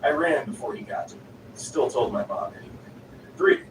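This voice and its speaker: A man's voice: medium pitch, wildly swooping pitch, a little fast. A man reading stories aloud in a plain storytelling delivery. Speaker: story narrator. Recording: roomy, distant, noisy.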